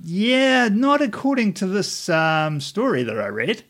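A man in his fifties from New Zealand who co-hosts a casual podcast, with a mid-range voice. He tells long, rambling stories with frequent pauses and restarts. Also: high voice. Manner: relaxed, halting, rambling anecdotes. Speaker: podcast co-host. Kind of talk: casual chat.

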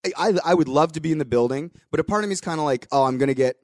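A man's voice: on the high side, rapid-fire, a little mellow, no room sound, studio quality. A young adult man hosting a podcast, telling a story in casual chat with voiced quotes and the odd swear. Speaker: podcast host.

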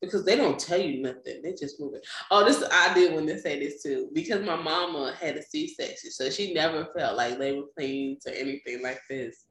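A woman's voice: sits low, moderate pace, hardly any pauses. A young woman chatting casually, telling a story with lots of laughter and acted-out voices. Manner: animated storytelling, laughing often, acting out quoted voices. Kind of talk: casual chat. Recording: echoey room.

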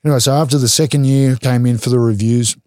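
A young man with an Australian accent talks in a mellow, relaxed voice at a middle pitch. He tells stories bluntly and swears freely, acting out the people in them. The sound is dry and close, with no room around it. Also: fast, no echo. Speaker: rugby league player, guest. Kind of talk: casual storytelling interview.

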